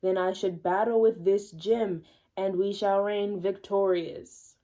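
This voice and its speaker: A woman reading the lines of a devoted, formal god-warrior man, slow and old-fashioned in manner. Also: medium pitch, steady tone, dark tone, close to an everyday voice. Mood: earnest devoted.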